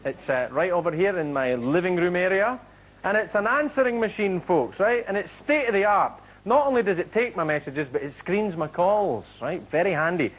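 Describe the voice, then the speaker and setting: A man's voice: high voice, noisy background. A middle-aged Scottish man hosting a comedy show, delivering a wry, chatty stand-up monologue. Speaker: comedy host. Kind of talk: stand-up monologue to studio audience.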